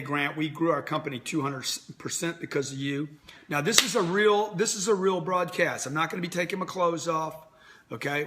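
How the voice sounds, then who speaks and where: A man in his fifties runs a motivational livestream as a business coach. He talks bluntly, like a salesman, in a bright, forceful voice that sits a little high for a man. He sounds like he is speaking into a phone. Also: slight background noise. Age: 50s. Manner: brash, direct, salesy pitch.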